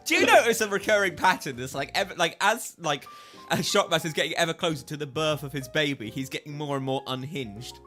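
A man co-hosting a casual podcast over a call, speaking into a foam-covered mic. His bright voice swings widely in pitch. He is loud and profane and keeps bursting into laughter, with faint music behind. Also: animated, a little fast. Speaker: podcast co-host. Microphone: foam-covered microphone.

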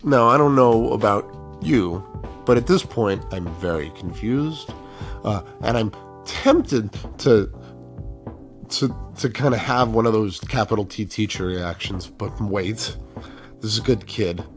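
A man's voice: lowish voice, a little slow, faint music behind. A middle-aged male teacher telling a story from his classroom in a casual, self-mocking way, acting out the people he quotes.

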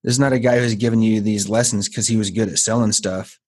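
A man's voice: on the low side, fairly even intonation, quick pace, slightly rough. A man hosting a podcast, talking in an earnest, emphatic way and repeating phrases to build his point. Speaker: podcast host. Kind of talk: casual podcast conversation.

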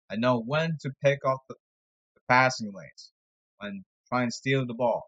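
A man's voice: mid-range voice, unhurried, a bit bright, dull audio. A man giving a rambling, sarcastic sports commentary monologue, exasperated and jumping from topic to topic. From New York area.

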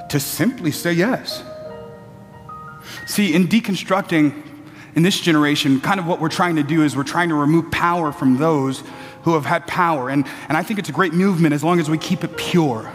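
A male preacher with a high, bright voice delivers a lively sermon, climbing to shouted peaks and breaking into playful asides to the congregation. His voice rings through a large church sanctuary with a long reverb. Soft music plays underneath. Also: normal speed.

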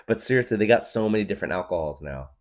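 Low-voiced joking young man. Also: animated, fast. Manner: loose, jokey, laughs often. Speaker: podcast host. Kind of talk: rambling comedic monologue.

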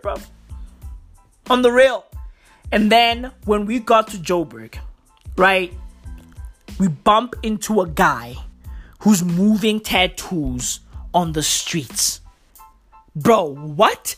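A woman vlogger in a profane comic rant, hammering her points with constant swearing and "bro." Her voice sits fairly high. Faint music runs underneath. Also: lively intonation, takes it slowly, pauses often, fairly bright tone. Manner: emphatic, heavy swearing, repeated "bro".

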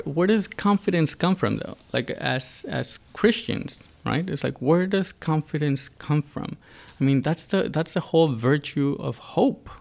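A man's voice: on the high side, creaky. A man from the United States in a casual religious discussion, talking earnestly with many fillers and restarts. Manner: earnest, builds emphatically.

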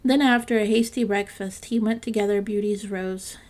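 A woman narrating a classic fairytale in a calm, measured storytelling reading. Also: medium pitch.

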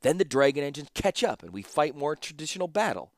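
A man's voice: mid-range voice, big pitch swings, fairly quick, no echo, clean studio sound, close to an everyday voice. Ashnod, a silky cutting commander, as a man reads her. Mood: snapping. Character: cunning sharp-tongued woman commander.

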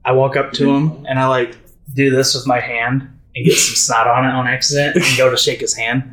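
A man's voice: medium pitch, flat delivery, fairly quick, fairly bright tone, rough recording. A man playing a tabletop game in character, stammering and repeating himself. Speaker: player. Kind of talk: tabletop role-play in character.

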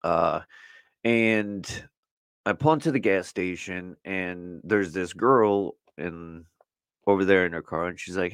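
A man's voice: deep voice, unhurried, a bit bright, clear, resonant tone, no room sound, studio quality. A middle-aged man hosting a podcast alone in a loose, rambling chat, full of "you know" and "like". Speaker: podcast host. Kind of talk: casual solo podcast chat. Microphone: camera setup for video recording.

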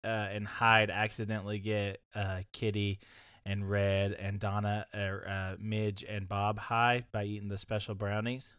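A man's voice: lowish voice, level tone, measured pace, a bit bright, clear, resonant tone, no room sound, clean studio sound. A young man co-hosting a podcast in casual chat, rambling through stories and laughing often. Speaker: podcast co-host.

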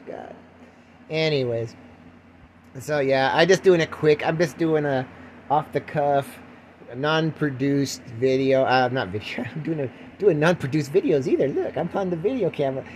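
A man's voice: fairly high pitch, normal speed, a little hiss or hum. An older man hosting a rambling solo podcast, mocking himself while lying at home with the window open. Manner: rambling, self-mocking, breaks into mock voices. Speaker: podcast host.

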